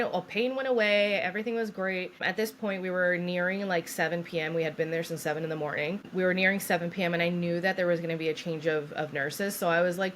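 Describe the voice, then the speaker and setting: Lively woman telling a birth story. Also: lowish voice, a little hiss or hum. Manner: animated storyteller acting out quoted people, laughs often. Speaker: podcast co-host. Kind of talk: casual storytelling chat.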